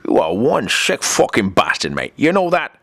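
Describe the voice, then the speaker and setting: A man's voice: medium pitch, wildly swooping pitch, moderate pace, vocal fry, fairly bright tone, no room sound, heavily acted. A man voicing an exasperated, foul-mouthed male cartoon therapist with a sarcastic delivery. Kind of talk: cartoon comedy voice acting.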